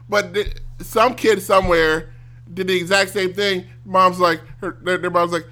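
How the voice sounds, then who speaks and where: Guy ranting on stream, really bright voice, gets loud and mocky. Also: high voice, a little fast. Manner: animated, mocks others in loud exaggerated voices. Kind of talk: casual ranting commentary.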